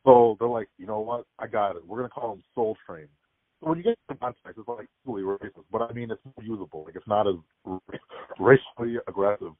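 Young man, rapid storyteller, casual podcast chat, phone-like sound. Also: on the low side, no room sound. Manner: rapid storytelling, frequent "like" fillers. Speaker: guest. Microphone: remote call. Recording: tinny phone-like call audio.

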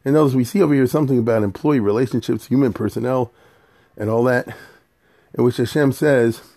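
A man with a mellow, warm tone gives a casual scripture lesson. He talks in a relaxed, conversational way and translates Hebrew verses into everyday English as he goes. He sometimes restarts a phrase and repeats a word before moving on. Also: mid-range voice, fast talker. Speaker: Torah teacher.

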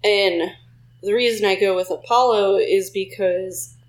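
Thoughtful young woman explaining slowly. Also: mid-range voice, steady tone, poor audio. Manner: thoughtful, explains at length with fillers. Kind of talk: casual chat.

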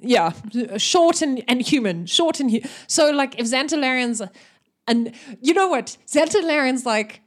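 A woman's voice: high voice, expressive, measured pace. A woman narrating a tabletop game as game master, chatty and laughing.

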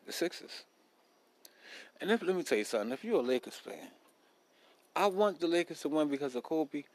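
A man's voice: on the high side, expressive, a little fast, low-quality recording. A man hosting a casual solo podcast, talking bluntly in a profane, rambling street style. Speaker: podcast host.

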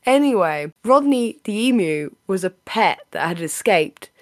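Woman podcast host, slightly raspy voice, playful chatty delivery, dry close sound. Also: medium pitch, big pitch swings, a little slow, no echo. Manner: chatty, playful, laughs often. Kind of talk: casual podcast chat.

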